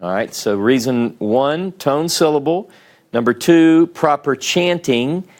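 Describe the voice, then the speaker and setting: Southern man, classroom teacher, slow and methodical, checks in often with the class. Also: on the high side, darkish tone. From Southern United States. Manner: patient step-by-step explaining, checks in with "okay?" and "right?". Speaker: Hebrew teacher. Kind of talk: classroom lecture.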